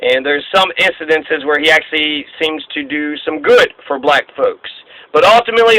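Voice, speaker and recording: Brief: man, fairly high bright voice, sarcastic, swears freely, dry close sound. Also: no echo, rough recording. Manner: blunt, profane, sarcastic. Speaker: history lecturer. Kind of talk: informal history talk.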